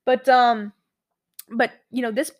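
A woman's voice: fairly high pitch, steady tone, takes it slowly. A woman in her twenties chatting casually with a friend, rambling through stories with lots of "like" fillers. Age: 20s. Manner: chatty, full of "like" fillers, quoting others. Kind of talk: casual chat.

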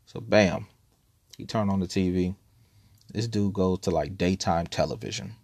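A man's voice: deep voice, moderate pace, gravelly, a little mellow, dry recording. A man casually telling a story, laid-back and profane, rambling with frequent laughs.

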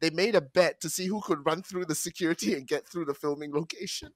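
A man's voice: a little high, fast talker, no room sound. A man in casual chat, telling stories, swearing casually and laughing often.

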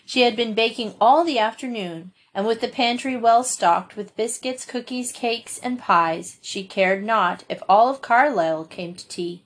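A woman narrating a classic novel for an audiobook in a steady, measured storytelling voice. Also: fairly high pitch. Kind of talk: audiobook reading.

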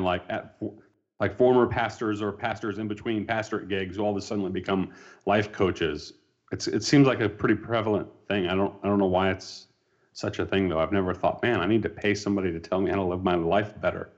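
A man with a low voice tells anecdotes at a measured, easy pace on a casual podcast. His audio comes through a dull, lo-fi mic. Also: fairly even intonation. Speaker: podcast guest.

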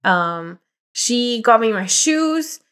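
A woman's voice: a little high, lively intonation, very slow, a bit bright. A young woman co-hosting a podcast, telling a rambling story in casual chat, full of fillers and acted-out quotes. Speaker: podcast co-host.

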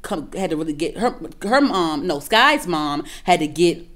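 A woman's voice: fairly low pitch, lively intonation, moderate pace, fairly bright tone. A woman co-hosting a casual gossip chat, rambling and profane with many restarts. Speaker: podcast co-host.

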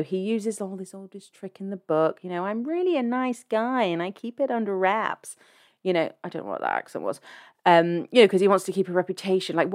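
Blunt, low-voiced woman podcaster. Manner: chatty, blunt, swears freely. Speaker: podcast host. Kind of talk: casual film review podcast.

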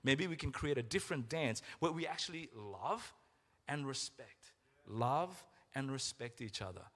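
A middle-aged man preaching a sermon as pastor, earnest and emotional, slowing down for emphasis. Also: mid-range voice, animated, a bit bright. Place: church. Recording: reverberant church hall with music.

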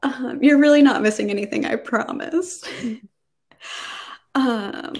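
A talkative young woman with a fairly high voice, co-hosting a relaxed podcast. She rambles a little, stacking fillers as she works through her thoughts. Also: takes it slowly, a little hiss or hum. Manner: chatty, many fillers, reads passages aloud. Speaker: podcast co-host. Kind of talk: casual podcast chat.

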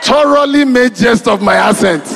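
A man preaching a sermon to a congregation, rising to loud calls and dropping to quiet, drawn-out phrases. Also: very high voice, creaky, some chatter behind, a little hiss or hum. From East Africa. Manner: call-and-response preaching, shifting between loud and quiet. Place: church hall. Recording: echoey church hall with music behind.

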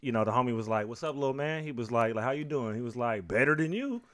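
A man in casual chat with friends, telling stories fast and acting out the people he quotes. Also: medium pitch, expressive. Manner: rapid storytelling, acts out quotes.

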